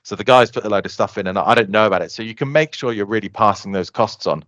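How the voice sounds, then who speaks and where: Quick guy chatting on a podcast, low-ish voice, kinda muffled audio. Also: dry recording. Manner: fast, animated explaining, acts out customer quotes. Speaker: software company guest. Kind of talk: casual podcast interview.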